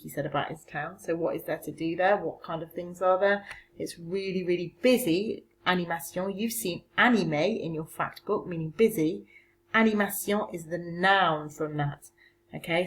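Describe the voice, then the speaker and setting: A woman's voice: fairly low pitch, moderate pace, slight background noise, low-quality recording. A woman teaching a recorded remote French lesson, patiently explaining phrases step by step.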